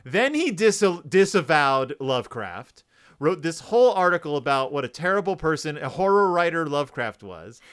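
Man, podcast co-host, casual book chat, smooth, lively pitch, jokey. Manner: animated, jokey, puts on quick voices for quotes.

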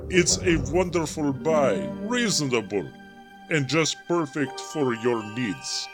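A man's voice: fairly high pitch, expressive, slow, over music. A man playing a wrinkled creepy old realtor with a mock Russian-German accent in a comic dramatic reading. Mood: oily.

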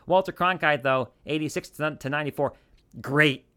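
A man's voice: on the high side, normal speed, sharp tone, clean tone. A man hosting a podcast, talking in a casual, rambling way with lots of restarts and asides. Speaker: podcast host.

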